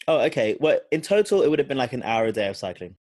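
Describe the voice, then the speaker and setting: This man co-hosts a casual podcast chat, voice sitting at a middle pitch. He banters and teases at a quick clip. The sound is dry and close, with no room around it. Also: sing-song, darkish tone, no room sound. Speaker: podcast co-host.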